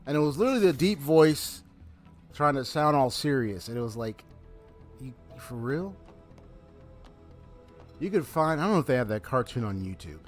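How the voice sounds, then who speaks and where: With a mid-range, expressive voice and a brisk pace, this man streams a game live over faint background music. He keeps the talk casual, telling a story with frequent laughter and reading the game's dialogue out loud.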